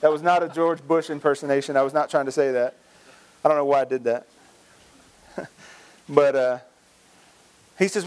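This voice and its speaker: A man's voice: on the high side, fairly even intonation, normal speed, long pauses, darkish tone. A male pastor preaching a sermon, telling a story and acting out its dialogue, with frequent restarts.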